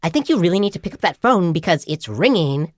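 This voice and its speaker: A man's voice: high voice, very animated, fast, no room sound, studio quality, pitched above the performer's own voice. A man voicing a phone ringtone recording with a valley-girl woman's voice, nagging and exasperated. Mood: annoyed pleading. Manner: pleading, exasperated sing-song.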